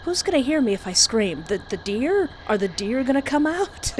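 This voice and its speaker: Here the streamer sounds high-pitched and unhurried, narrating the horror game with frequent laughter and theatrical reactions. The recording is low quality and carries a steady hiss.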